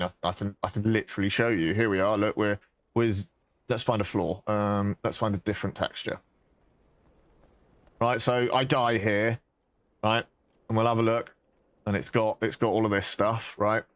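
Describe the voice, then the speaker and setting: A man's voice: on the low side, steady tone, moderate pace, a bit bright, no room sound. A man streaming a game and chatting casually, rambling, swearing and mocking himself with bursts of laughter. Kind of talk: casual live-stream chat.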